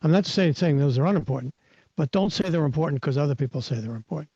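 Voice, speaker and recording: A man with a somewhat high, mellow voice talks as a host, teaching and coaching with emphasis. He keeps restarting and repeating words. The sound is dry and dull, like lo-fi online audio. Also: lively intonation, quick pace, slightly rough, no echo. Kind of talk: live audio-room talk, teaching.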